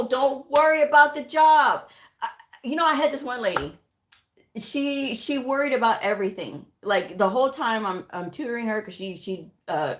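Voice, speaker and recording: A woman hosting a livestream as a tutor, talking bluntly with tough love and reading viewer comments aloud. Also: a bit bright. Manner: blunt, tough-love, mocks with high whiny voices; reads chat comments aloud. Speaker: livestream host and medical coding tutor. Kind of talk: casual livestream talk.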